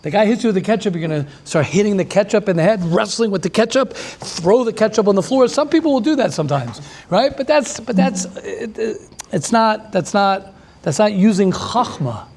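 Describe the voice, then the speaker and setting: A man who is a rabbi giving a lively class, repeating himself and restarting often as he talks with the audience. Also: high voice, moderate pace, a little hiss or hum.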